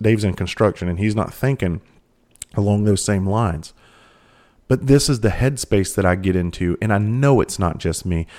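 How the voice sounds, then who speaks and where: A man's voice: sits low, a little mellow. A middle-aged man, talking bluntly in a casual monologue and swearing freely.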